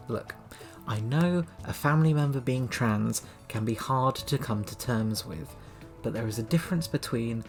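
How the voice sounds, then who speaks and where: A man's voice: medium pitch, animated, measured pace, darkish tone, soft background music. Sardonic man reviewing a book. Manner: chatty, sardonic, laughs often. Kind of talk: casual book commentary with read-aloud passages.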